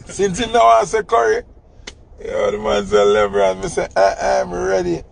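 A man with a Jamaican accent telling a funny story in casual chat, animated and laughing. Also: high voice, unhurried, gravelly. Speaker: host.

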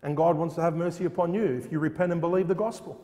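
Fervent high-voiced man preaching. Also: fairly even intonation, fast, warm tone, big-room sound. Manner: fervent, repeats phrases and asks rhetorical questions. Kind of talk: sermon. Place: church.

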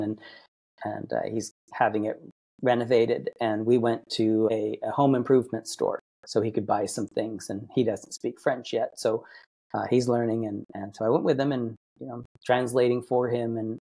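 A man from Massachusetts chats as a podcast guest, rambling through his stories. He often restarts and corrects himself mid-sentence. His voice sits at an ordinary middle pitch. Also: mellow, husky. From Massachusetts, United States. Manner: rambling, self-correcting storyteller. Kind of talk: casual interview chat.

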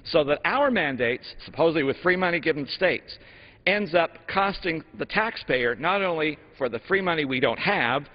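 A man, a congressman, giving a measured floor speech full of historical examples in a legislative chamber. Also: fairly high pitch, lively intonation. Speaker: congressman from Utah. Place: House chamber. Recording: dull broadcast audio in a long-reverb chamber.

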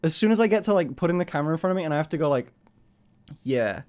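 A man's voice: fairly high pitch, rapid-fire, darkish tone. A man in his twenties chatting casually on a live stream, swearing freely, laughing often and rambling in a self-conscious way. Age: 20s.

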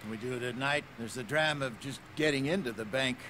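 An actor playing a scheming, persuasive outlaw planner in a western game. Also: male voice, mid-range voice, fairly quick, background noise, close to an everyday voice. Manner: persuasive, pushy.

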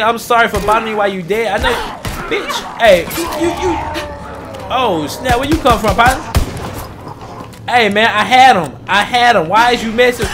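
A man giving casual gameplay commentary as a gaming channel host, loud, profane and jokey, talking trash to the enemies. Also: high voice. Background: game music and gunfire.

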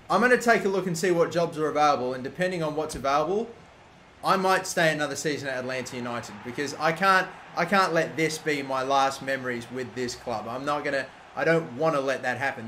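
A man talks through his gameplay live, his voice bright and forceful, pitched a little high for a man. He swears freely and breaks into loud outbursts at what happens on screen. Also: a little hiss or hum. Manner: excitable, swears a lot, loud outbursts at the game. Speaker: gaming YouTuber.

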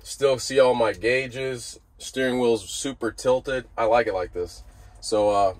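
A man's voice: medium pitch, fairly even intonation, slow pace, dry recording. A man vlogging from inside his truck cab, explaining a repair in a laid-back, rambling way with lots of fillers and restarts. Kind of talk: casual how-to vlog.

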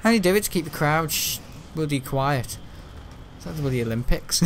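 A man's voice: on the high side, expressive, a little fast, a little hiss or hum. Rambling young man gaming. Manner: meandering, chatty, swears casually, frequent restarts. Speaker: gaming YouTuber. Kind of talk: rambling let's-play commentary.

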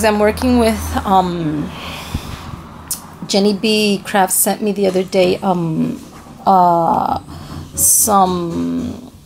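A woman's voice: mid-range voice, creaky, a little mellow, a little hiss or hum. A woman chatting casually to camera, gushing over handmade crafts and often searching for the right word. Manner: gushing and enthusiastic, repeats praise words; searches for words, trails off mid-sentence. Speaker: craft vlogger showing a package.

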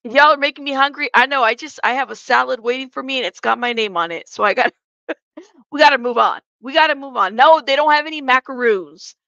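A woman's voice: high-pitched, fairly quick, creaky, bright, forceful tone, no echo. A woman hosting a live commentary stream, reading the chat aloud and joking. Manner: chatty, joking asides, laughs often. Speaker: commentary channel host. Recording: dull lo-fi sound.

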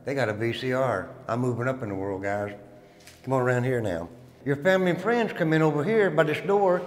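A man's voice: medium pitch, lively intonation, brisk. A man who served time, giving a dramatic, folksy storytelling tour and calling his listeners guys. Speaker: former inmate giving a prison tour. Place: inside an old prison. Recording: long echo of a stone hall.

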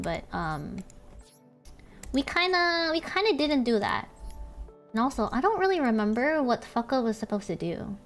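A woman streaming a card game, thinking aloud, swearing and squealing when things go wrong. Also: a little high. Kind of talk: casual gameplay streaming.

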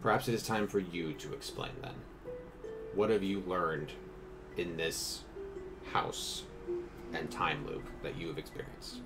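A man voicing an old wizard headmaster who asks slow, measured questions over background music. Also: deep voice. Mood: grave.

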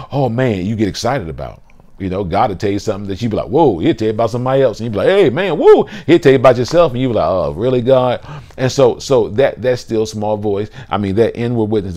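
A man preaching a casual livestream sermon from his phone, animated and repetitive, stumbling and restarting often. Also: fairly low pitch. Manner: animated preaching, repeats words and restarts, casual Southern-style "y'all". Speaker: pastor.

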